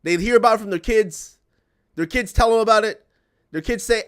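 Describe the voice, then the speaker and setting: A man's voice: high-pitched, brisk, clear, resonant tone. A young man streaming and chatting to viewers, ranting in an exasperated way, repeating himself and swearing. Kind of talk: ranting casual chat to viewers.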